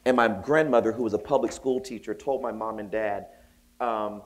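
A man from the Southern United States giving a conference keynote, telling stories in an animated, joking way with acted voices. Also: fairly low pitch, normal speed. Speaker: keynote speaker. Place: conference hall.

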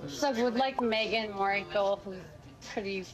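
A woman's voice: mid-range voice, unhurried, lo-fi sound. A woman interviewing casually, asking questions hesitantly with many filler words. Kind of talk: casual conversation.

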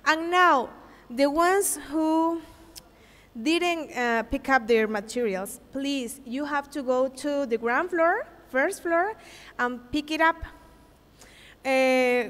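A woman's voice: high voice, fairly bright tone. A woman organizing a teachers' conference, giving the audience polite schedule instructions. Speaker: event organizer. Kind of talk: announcements. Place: large conference hall. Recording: long reverb of a large hall.

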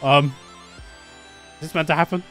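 A young man streaming a game live, excitable and foul-mouthed, reacting loudly and laughing often. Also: normal speed, faint music behind. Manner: excitable, swearing, laughing often, jumps up and down in pitch.

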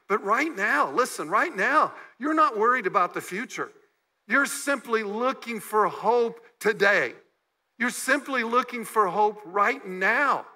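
A man with a high-pitched, bright, forceful voice gives a sermon as a visiting pastor in a church sanctuary. Speaking conversationally, he voices the emotional lines of the characters in his story, and the recording is rough.

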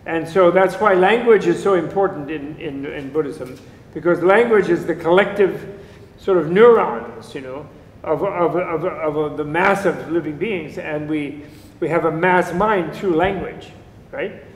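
A man teaches a class on Buddhism, wandering off on jokey tangents and chuckling along the way. His voice sits fairly high. The room is echoey and the sound lingers with a long tail. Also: unhurried, a little hiss or hum. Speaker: lecturer on Buddhism. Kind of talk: casual lecture to a class.

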